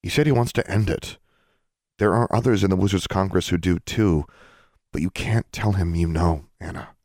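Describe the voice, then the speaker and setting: A man's voice: sits low, moderate pace, darkish tone, no room sound, studio quality. A man voicing a stubborn, determined young witch girl who speaks firmly.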